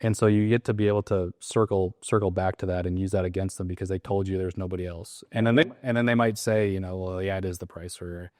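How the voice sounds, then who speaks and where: A man with a low-pitched voice explains a sales process in relaxed, casual chat. He slips into short acted-out lines from phone calls with sellers as he goes. The sound is dry and close, with no room echo. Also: fast talker, hardly any pauses. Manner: acts out sales call lines in quotes. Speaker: real estate wholesaling coach.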